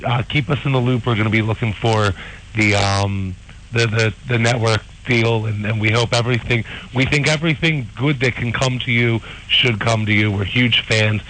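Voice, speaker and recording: A man co-hosting a radio interview, effusive and halting, with many restarts. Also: medium pitch, steady tone, a bit bright, slight background noise, low-quality recording. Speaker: radio show co-host.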